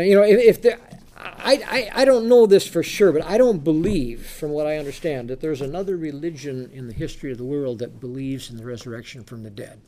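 A man preaching a sermon, reading scripture slowly and emphatically and firing off rhetorical questions, moving between loud reading and quiet asides. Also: a little high. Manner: reads scripture in slow, emphatic tones.

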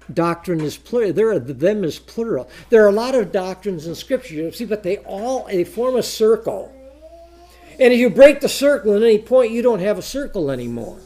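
A man preaching a sermon, rising to loud peaks and dropping low, quoting old-style scripture slowly and deliberately. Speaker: pastor.

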